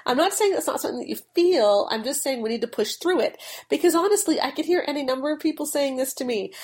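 Earnest woman podcaster, slightly high voice. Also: expressive, fast, darkish tone. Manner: earnest, conversational, with occasional laughs. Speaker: Christian marriage blogger and podcaster. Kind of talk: solo podcast teaching.

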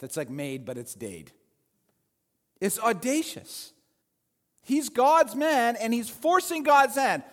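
A male pastor preaching a sermon, with animated delivery that swings between loud emphasis and quiet asides. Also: a little high, long reverb tail. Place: church sanctuary. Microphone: handheld or headset mic with feedback.

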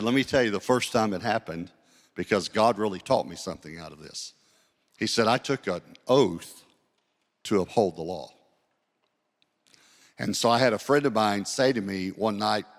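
Male pastor, sermon delivery, slows for scripture, large reverberant hall. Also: on the low side. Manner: storytelling, slows down to read scripture.

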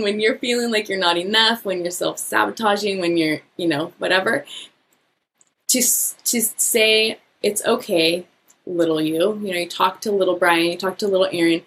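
A woman talking as a podcast guest, upbeat and animated, laughing often. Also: mid-range voice, a little hiss or hum, rough recording. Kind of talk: casual podcast conversation.

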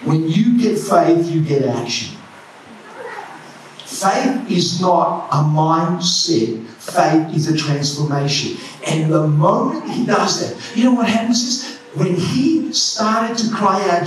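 A man preaching a sermon, impassioned and often shouting. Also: high voice, lively intonation, slow pace, slight background noise. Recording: echoey church hall from far off.

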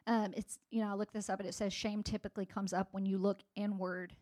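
A woman's voice: medium pitch, flat delivery, fast talker, hardly any pauses, a little mellow. A woman in her forties giving a sermon-style personal talk to a congregation, conversational, with many fillers and restarts. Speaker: speaker at a church gathering.

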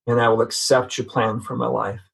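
Husky-voiced middle-aged man, earnest testimony. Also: mid-range voice, flat delivery. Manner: earnest, halting with frequent restarts. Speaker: guest sharing testimony. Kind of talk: personal faith testimony, conversational.

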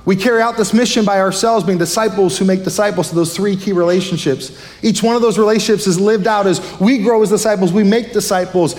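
High-voiced, fired-up male pastor preaching. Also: steady tone, a little mellow, long reverb tail. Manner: fired up, fast-talking preacher. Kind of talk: sermon. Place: church sanctuary.

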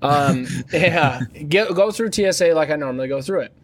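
A man's voice: on the high side, expressive, normal speed. A man co-hosting a podcast, telling a crude, rambling travel story with lots of fillers and jokes. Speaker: podcast co-host. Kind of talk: casual storytelling.

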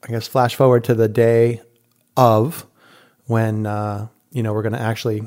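A man's voice: lowish voice, flat delivery, normal speed, darkish tone. A middle-aged man casually telling a story, acting out quotes and laughing often. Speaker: podcast host telling a story.

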